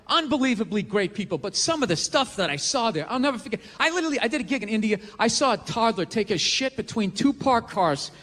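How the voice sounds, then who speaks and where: Male stand-up comic, profane ranter, high and sharp, shouts his punchlines, live stage reverb. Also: sing-song, quick pace, hardly any pauses, a little hiss or hum. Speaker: stand-up comedian. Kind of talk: stand-up comedy routine.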